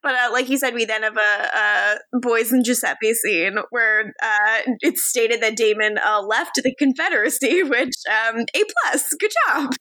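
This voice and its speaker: A woman's voice: a little high, measured pace, few pauses, sharp tone, no echo. A woman co-hosting a casual podcast chat, rambling with lots of fillers and laughs. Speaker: podcast co-host.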